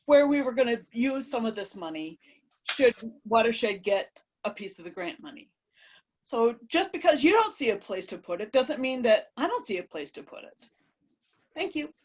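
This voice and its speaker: A woman speaking at a board meeting over a video call, halting with fillers before pressing a pointed question. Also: sits high, expressive, dull audio. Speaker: board member. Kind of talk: virtual board meeting remarks.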